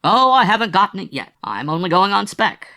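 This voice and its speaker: A man voicing a hurt, bitter young male stage actor who is quiet and withdrawn in an audiobook reading. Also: high voice, big pitch swings, fairly quick, pitched above the performer's own voice, exaggerated voice. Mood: hopeful. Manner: quiet and withdrawn, then lashing out.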